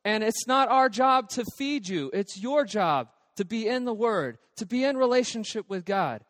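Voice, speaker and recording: Pastor, male, high voice, dry close sound, long hall tail, chatty sermon full of ums. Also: animated, normal speed, fairly bright tone. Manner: conversational, with many fillers and restarts.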